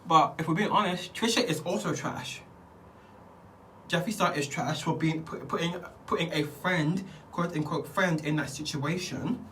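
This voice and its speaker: A man's voice: a little high, moderate pace, a bit bright, far from the mic, a little hiss or hum. A man vlogging casually while doing his skincare, rambling and chatty and laughing often. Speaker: beauty vlogger.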